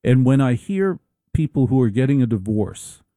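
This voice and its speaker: A middle-aged man hosting a casual, humorous monologue, with a wry, deliberate, drawn-out delivery. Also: medium pitch, sing-song, dark tone, dry recording.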